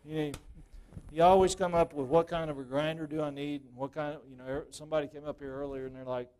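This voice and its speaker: A man's voice: fairly high pitch, steady tone, fast, darkish tone, smooth. A man demonstrating woodturning to a club audience live, talking casually and checking in with "okay?" after nearly every point.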